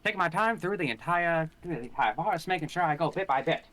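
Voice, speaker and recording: A man chatting as a player in a tabletop game, animated and quick. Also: a little high, slight background noise. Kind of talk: casual chat.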